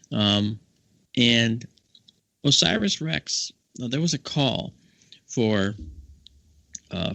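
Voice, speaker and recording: A man on a casual podcast, telling a lively anecdote and acting out the people he quotes with big jumps in his voice. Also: creaky, no echo. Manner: animated storyteller, acts out quoted voices with big pitch jumps. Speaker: podcast co-host. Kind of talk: casual storytelling chat. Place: home office.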